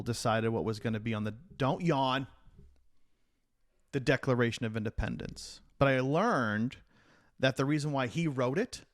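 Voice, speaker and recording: A man's voice: mid-range voice, dry recording, studio quality. A middle-aged man hosting a casual podcast chat, teasing and quizzing his daughter on history. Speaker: podcast host.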